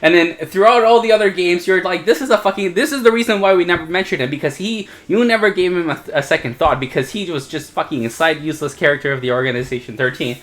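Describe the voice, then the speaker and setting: A man's voice: high voice, quick pace, few pauses, a bit bright. Tipsy young man rambling and laughing. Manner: rambling, profane, laughing, acting out characters in silly voices. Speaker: co-host. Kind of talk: drunken casual retelling of a game plot.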